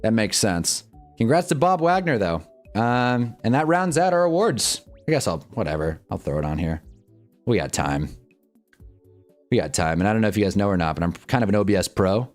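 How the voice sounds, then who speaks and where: A young man live-streaming commentary on a football awards show, swearing and laughing as he swings from loud outbursts to low mumbles. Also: very animated, moderate pace, faint music behind. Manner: profane, laughs often.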